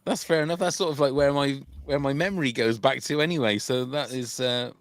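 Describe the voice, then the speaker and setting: A man's voice: mid-range voice, a little fast, no echo. Chatty man hosting, dry sound. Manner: chatty, jokey, stumbles over words. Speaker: podcast host running a charity livestream. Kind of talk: casual chat. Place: home room during a livestream.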